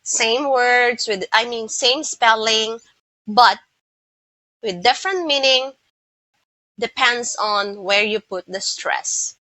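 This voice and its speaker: Slow, bright-voiced woman teaching. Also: a little high, dry recording, low-quality recording. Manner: slow, deliberate, repeats words to model stress. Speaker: English pronunciation teacher. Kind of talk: online lesson.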